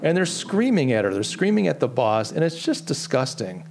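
Indignant, animated American podcast host. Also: male voice, mid-range voice, normal speed, a little hiss or hum. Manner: animated, indignant storytelling with lots of restarts. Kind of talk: casual solo podcast talk, reading chat comments.

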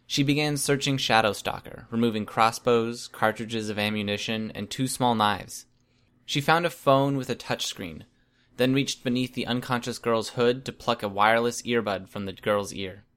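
A male storyteller reading a first-person story aloud. His pitch sits in an ordinary middle range. The delivery is steady and even from line to line. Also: normal speed. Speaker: audiobook reader.

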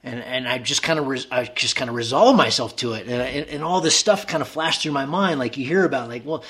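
A man's voice: mid-range voice, brisk, a bit bright, husky. A man telling a long personal story in casual conversation, rambling with many fillers and restarts.

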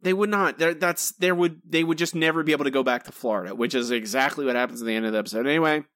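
A man's voice: medium pitch, racing, fairly bright tone, dry recording, studio quality. A man co-hosting a podcast, talking in an exasperated, rambling way with frequent restarts. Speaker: podcast co-host. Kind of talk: casual review chat.

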